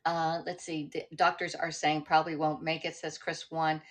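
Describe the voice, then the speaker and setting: A middle-aged woman chatting on her own livestream, wandering from one thought to the next. Her voice sits a little low. She talks loosely and informally, with plenty of ums and self-corrections. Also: level tone, moderate pace. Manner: rambling, chatty, with many fillers and restarts. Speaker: livestream host. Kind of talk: casual livestream chat.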